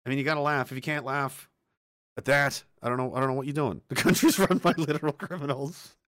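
A man's voice: medium pitch, fairly even intonation, fast, fairly bright tone, no echo, clean studio sound. A man hosting a live stream in casual chat, rambling, swearing and laughing often as he reads messages. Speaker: livestream host.

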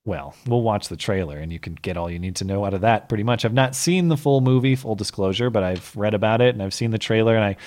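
A man's voice: on the low side, quick pace, few pauses, darkish tone. A man hosting a podcast, talking through his argument at length in casual political commentary. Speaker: podcast host.

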